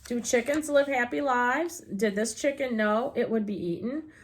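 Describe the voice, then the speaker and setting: A woman voicing a gentle, earnest female robot in a storybook reading, speaking politely and carefully. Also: fairly high pitch, normal speed, close to an everyday voice.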